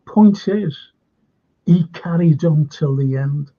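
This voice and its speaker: A rambling, chatty man hosts a casual fan show, reading out viewer comments as he goes. His voice sits a little high and comes across husky. The sound is thin and tinny, like a phone line. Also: slow pace, warm tone. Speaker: host.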